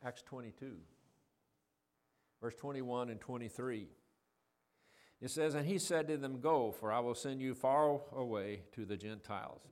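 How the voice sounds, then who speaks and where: A preacher gives a sermon, reading scripture and unpacking it conversationally while asking listeners questions. He raises his voice for the quoted scripture lines. His mid-range voice is a little mellow and unhurried, with long pauses.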